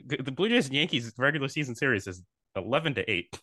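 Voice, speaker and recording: A man's voice: medium pitch, very animated, quick pace, sharp tone, no room sound. A man co-hosting a sports podcast, chatting in a loose, slangy, joking way. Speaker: podcast co-host. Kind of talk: casual sports chat.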